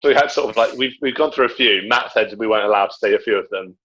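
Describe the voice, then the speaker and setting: A man's voice: on the low side, fast talker, pushed and bright, slight background noise. A young man telling a childhood story in casual chat, laughing often and acting out the voices. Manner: chatty, laughs often, acts out quoted voices. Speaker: podcast guest. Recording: dull lo-fi sound.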